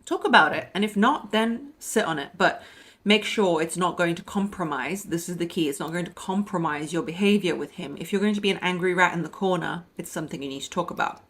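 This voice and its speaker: A young adult woman with a somewhat low-pitched voice talks straight to her listeners like a coach. Her advice comes out blunt and emphatic, yet she keeps a close, confiding way of speaking. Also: a little fast, a bit bright. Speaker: podcast host and dating coach. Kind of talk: direct advice monologue.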